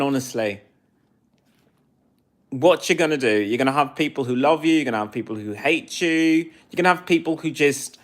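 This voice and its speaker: Snarky English-accented man in his forties. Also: fairly high pitch. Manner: snarky, haughty, answers chat comments. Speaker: livestreamer. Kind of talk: live stream chat reply.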